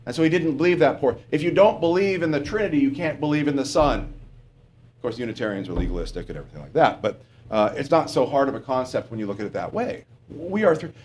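Male preacher, sermon, conversational, questions to the congregation, frequent "okay?", lively pitch. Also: fast talker, a little hiss or hum. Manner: often adds "okay?".

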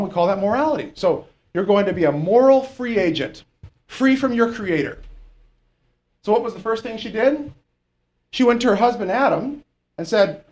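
Male preacher, somewhat high voice, relaxed sermon delivery with frequent "okay?" check-ins. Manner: conversational, keeps asking "okay?".

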